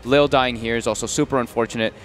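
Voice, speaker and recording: A man analyzing a match on a panel, talking fast with many fillers. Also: mid-range voice, steady tone, a little hiss or hum. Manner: rapid, filler-heavy. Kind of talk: casual game analysis.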